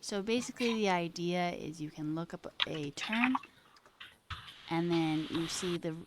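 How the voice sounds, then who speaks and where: A woman's voice: fairly low pitch, a little slow, very noisy. A woman hosting a casual livestream, chatting to her viewers and plainly explaining the project she is coding. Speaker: streamer host.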